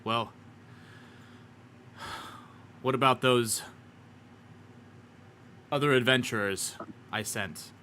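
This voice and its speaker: A man's voice: mid-range voice, takes it slowly, sharp tone, a little hiss or hum. A man voicing a friendly, hearty male innkeeper who welcomes his guests at the bar. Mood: welcoming.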